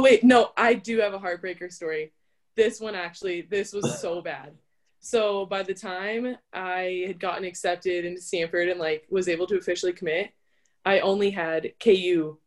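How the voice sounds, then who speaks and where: A woman's voice: on the low side, normal speed. A young adult woman, an interview guest and college volleyball player, telling her story in a chatty, casual way that is full of "like". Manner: chatty, with frequent filler "like".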